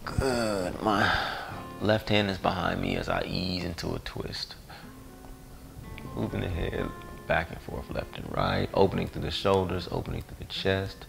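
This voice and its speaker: Slow, deep-voiced gravelly yoga teacher. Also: male voice. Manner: relaxed, playful cues with sighs and jokes. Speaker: yoga instructor. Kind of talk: guided yoga class. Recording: music playing behind voice.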